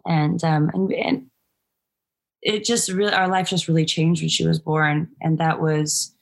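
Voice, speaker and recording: With a deep voice, fairly even intonation and some vocal fry, this woman takes her time. As a musician guest on an interview podcast, she shares her story hesitantly and reflectively in a conversational exchange.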